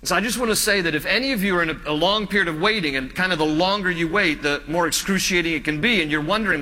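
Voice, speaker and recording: A male pastor preaching a sermon earnestly, often letting his voice sink low and soft at the ends of phrases. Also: quick pace, hardly any pauses, in a large hall.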